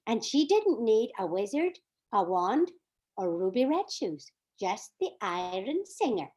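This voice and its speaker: A woman playing a shy little girl who narrates her own story softly in a one-person stage reading. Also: fairly high pitch, sing-song, a little slow, slightly rough, pitched below the performer's own voice, exaggerated voice. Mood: wistful.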